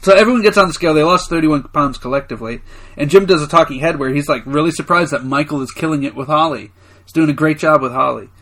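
Brief: man with a somewhat high voice, co-hosting a podcast, jokey recap chatter. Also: fairly bright tone. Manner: laughs often, quick to joke. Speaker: podcast co-host. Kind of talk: casual chat recapping a sitcom.

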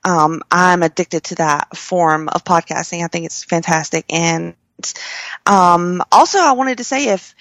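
Podcast guest, woman, gravelly, upbeat and friendly, dry close sound. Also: lowish voice, a little slow, a bit bright, dry recording. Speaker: podcast guest and host of her own show. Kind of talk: casual chat.

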